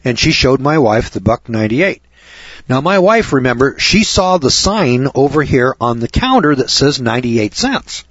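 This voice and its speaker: A man's voice: mid-range voice, big pitch swings, moderate pace, breathy edge, dry recording. A man talking as a show host, telling a long rambling story in an indignant, repetitive, chatty way. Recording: dull lo-fi recording.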